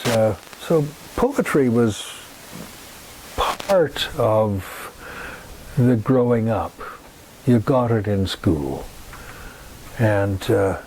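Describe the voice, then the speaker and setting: A man in his eighties with a Northern Irish accent, giving a gentle, reflective talk and reciting poetry with a lilting emphasis. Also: lowish voice, creaky, a little hiss or hum. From Northern Ireland. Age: 80s. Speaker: guest speaker.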